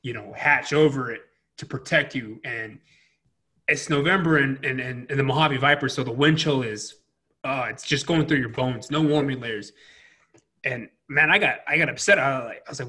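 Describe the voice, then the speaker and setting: A man's voice: mid-range voice, normal speed, sharp tone, husky. A man telling profane military stories in casual chat, full of fillers and laughter. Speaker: Marine veteran interviewer.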